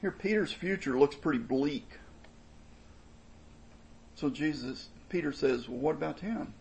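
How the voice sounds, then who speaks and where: A man with a slightly raised, gravelly voice delivers a sermon from the pulpit. He explains scripture earnestly and drives his points home by repeating them with emphasis. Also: on the high side, animated, unhurried, a little hiss or hum, poor audio. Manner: earnest expository preaching, emphatic and repetitive. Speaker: pastor.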